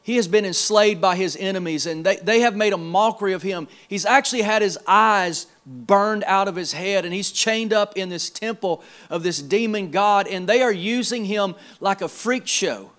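A male pastor preaching a sermon in a church service, emphatic, repeating words and swinging between quiet and loud. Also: sits high, moderate pace, few pauses.

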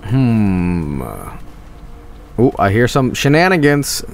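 A man streaming a video game, chatting casually to viewers in a joking, excitable way and swearing freely. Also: medium pitch, takes it slowly, slight background noise. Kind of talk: casual gameplay commentary.

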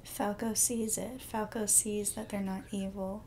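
A woman's voice: medium pitch, little pitch movement, unhurried, dark tone, slight background noise. A young woman hosting a live reaction video, gushing and reacting aloud with emotion, often dropping to a whisper.

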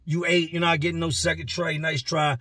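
A man's voice: a little high, flat delivery, brisk, pushed and bright, dry recording, studio quality, distant mic, pitched above the performer's own voice. A man voicing a stern prison guard who is tired of dealing with an inmate, with curt, dismissive talk.

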